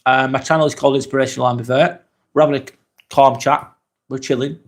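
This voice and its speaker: This English host runs a laid-back live vlog, going through viewer comments chattily and asking many questions. His mid-range voice moves at a quick pace.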